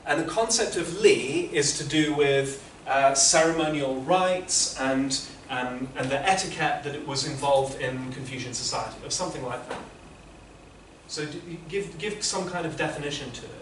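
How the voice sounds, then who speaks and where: A man's voice: fairly high pitch, moderate pace, fairly bright tone, recorded from a distance, a little hiss or hum. Man giving echoey classroom feedback. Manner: patient, explanatory, many restarts. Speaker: interpreting teacher giving feedback.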